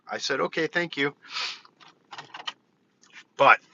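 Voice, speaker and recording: A man's voice: on the high side, slow, creaky, bright, forceful tone, a little hiss or hum. Frank, rambling man on dull lo-fi audio. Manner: frank, rambling, counts points off. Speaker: vlogger. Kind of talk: casual vlog monologue. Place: California.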